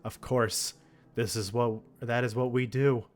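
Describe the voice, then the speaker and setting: A man reading the lines of a cold, judging entity made of many hands, in slow, solemn pronouncements. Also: medium pitch, steady tone, close to an everyday voice.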